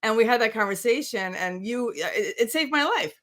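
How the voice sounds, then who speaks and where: Her voice is a little high, animated, brisk and a bit bright. As host of a casual interview, she speaks with expression and emphasis and laughs often while talking.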